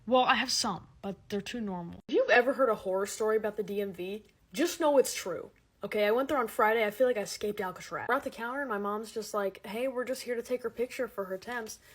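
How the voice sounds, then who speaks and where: A woman's voice: mid-range voice, quick pace, hardly any pauses, husky. A teenage girl ranting sarcastically and dramatically to camera in a comedic monologue. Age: teens. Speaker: comedic creator.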